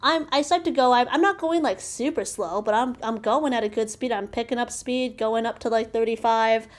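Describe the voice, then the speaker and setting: A woman's voice: fairly high pitch, normal speed. A woman on a podcast, telling a driving story in casual chat, full of fillers and restarts. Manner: animated storytelling, many "like"s and restarts. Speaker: podcast co-host.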